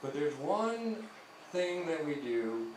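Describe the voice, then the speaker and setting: Crude young stand-up comic, echoey club. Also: male voice, a little high, very animated, slow, far from the mic, noisy background. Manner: crude, rambling delivery with acted-out voices. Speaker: stand-up comedian. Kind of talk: stand-up set. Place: comedy club stage. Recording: echoey club heard from afar.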